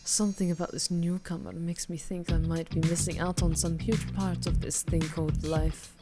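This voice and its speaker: A woman voicing a cold, blunt huntress in a put-on Russian accent, flat and deadpan. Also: lowish voice, normal speed, over loud music, voice pushed down, close to an everyday voice.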